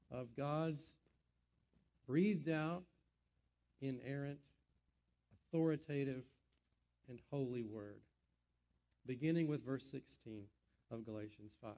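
A male pastor giving a sermon, with measured, emphatic phrasing and slow deliberate emphasis. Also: on the high side, darkish tone. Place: church sanctuary.

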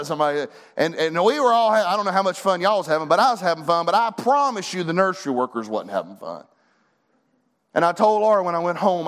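A middle-aged man preaching a sermon as pastor, folksy and fervent, building to emphatic bursts. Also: sits high.

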